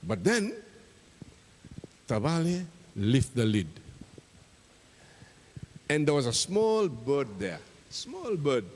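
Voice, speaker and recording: A man's voice: mid-range voice, big-room sound. A man, a pastor telling a children's story in church and voicing its characters. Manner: gentle storytelling with voiced characters.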